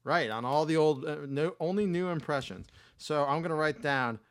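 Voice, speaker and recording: A man's voice: on the high side, normal speed. Rambling self-mocking male podcast host. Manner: rambling, self-mocking, bursts into loud voices. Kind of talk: casual chat.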